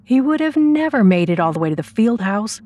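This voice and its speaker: A woman's voice: on the high side, sing-song, brisk, a little mellow, pitched above the performer's own voice. Woman voicing a snarling selfish young guy. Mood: cold. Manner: snarling, whispering harshly. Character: selfish young male student, cold and snarling.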